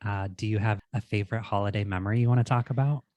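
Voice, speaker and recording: Forties male host, easygoing casual chat, quick laugh, dry close mic. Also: fairly low pitch, dry recording, muffled recording. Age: 40s. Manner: relaxed, laughs easily. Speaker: podcast host.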